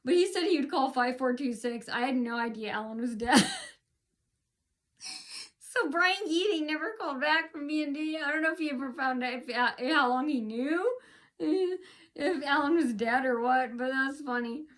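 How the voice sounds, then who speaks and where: A high-pitched, slightly bright woman from the United States talks at normal speed in a casual complaint vlog. Her account comes out indignant and meandering, full of false starts.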